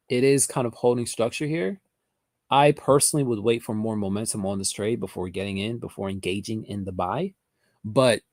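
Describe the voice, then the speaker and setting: A man's voice: medium pitch, darkish tone, no room sound, studio quality. A man hosting a live trading lesson. He chats casually with viewers and reads their chat comments aloud. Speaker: trading educator hosting a livestream. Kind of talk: casual livestream teaching, answering chat.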